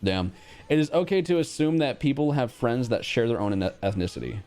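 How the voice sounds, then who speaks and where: A man's voice: mid-range voice, lively intonation, a little mellow, soft background music. Blunt, profane man streaming. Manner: blunt, profane, quick to react. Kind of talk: casual livestream chat.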